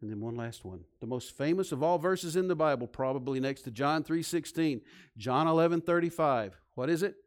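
Guy preaching in church, kinda high voice, gets loud then goes real soft. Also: expressive, brisk. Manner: swings from loud emphatic to soft and low. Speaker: pastor. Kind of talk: sermon.

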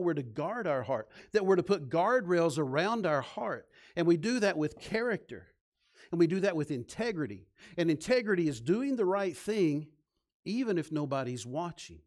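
A male pastor delivers a sermon in a somewhat high voice. He moves from storytelling into numbered points and stresses each one. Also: very animated, normal speed, a little mellow. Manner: storytelling, emphatic preaching with listed points.

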